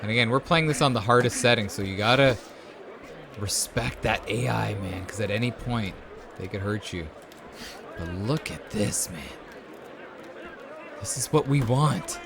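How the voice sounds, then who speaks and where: A man hosting a let's-play, commentating on a video game in a casual, excitable way, cheering at the screen and dropping to a hushed voice when it gets tense. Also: lowish voice, unhurried, pauses often, noisy background. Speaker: host.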